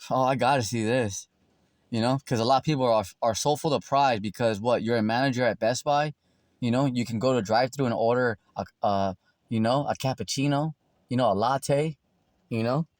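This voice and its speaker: Male preacher, streetwise and crude, mid-pitched, close dry sound. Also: a little mellow, no room sound. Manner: loose and profane, acts out voices of others, many fillers. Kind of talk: casual street-style Bible teaching.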